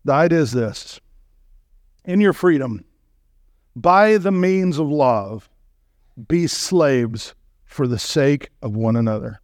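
A man preaching as a guest speaker, animated and emphatic, with joking asides to the congregation. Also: mid-range voice, takes it slowly, pauses often, dry recording, studio quality. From Southern California. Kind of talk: sermon.

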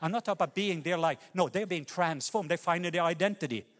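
A Norwegian man preaching a sermon with passion, rising to loud cries and dropping to hushed lines. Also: on the high side, fast, big-room sound. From Norway. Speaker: pastor.

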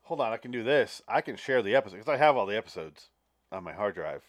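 A man's voice: fairly low pitch, sing-song, fast talker, no echo. Blunt, joking man in dry sound. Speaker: podcast host. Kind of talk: casual chat.

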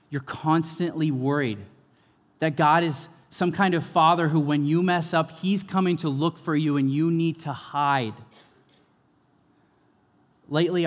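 A man preaching a sermon as a pastor, impassioned, moving between hushed moments and forceful ones. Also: medium pitch. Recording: long reverb of a large hall.

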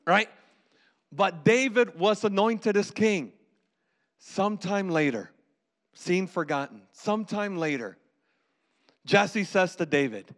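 A man preaching a sermon, telling the story with lively acted voices and calls for the audience to repeat. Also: high-pitched, a little slow. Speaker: pastor.

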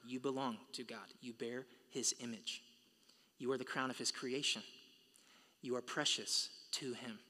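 A man's voice: mid-range voice, pushed and bright. Man preaching in a reverberant hall. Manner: preaching, building to emphatic peaks. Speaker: pastor. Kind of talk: sermon. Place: church sanctuary. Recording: long reverb of a large hall.

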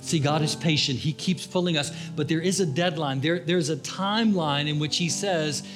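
A man preaching a sermon as a pastor, impassioned, swinging between raised appeals and hushed, low pleas. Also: moderate pace, over music. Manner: impassioned preaching, rising and dropping to hushed tones.

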